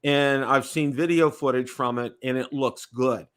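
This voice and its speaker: Bright-voiced American man hosting a livestream. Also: medium pitch, steady tone, measured pace. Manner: rambling, repeats words, checks in with "okay?". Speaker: livestream host. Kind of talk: casual livestream chat.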